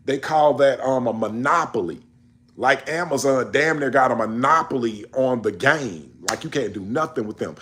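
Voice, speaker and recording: A man's voice: medium pitch, moderate pace, fairly bright tone, a little hiss or hum. A man in a casual monologue on world events, emphatic and preachy, scolding his listeners in slangy speech. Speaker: commentator.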